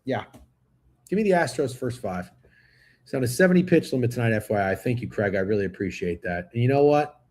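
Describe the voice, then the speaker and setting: A man's voice: mid-range voice, lively intonation, a little fast, a little mellow. A man hosting a sports betting livestream, talking casually and profanely, speaking straight to his chat. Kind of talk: casual live-stream chat.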